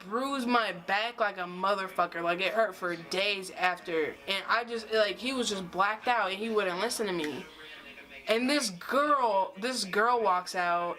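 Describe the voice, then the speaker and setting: A woman's voice: mid-range voice, bright, forceful tone, rough recording. A young woman telling a personal story to camera in a casual vlog, rambling with lots of "like" and restarts. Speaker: vlogger.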